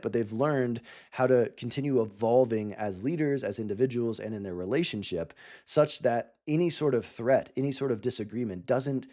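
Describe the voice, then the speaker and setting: A man's voice: mid-range voice, mellow. A man giving a coaching talk to founders, earnest and explaining step by step with examples. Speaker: cofounder coach.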